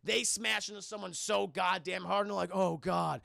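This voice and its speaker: Man, streamer, profane film recap to chat, high gravelly voice, dry close mic. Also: moderate pace, no room sound. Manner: excitable, profane, keeps addressing chat; acts out character lines in shifting voices.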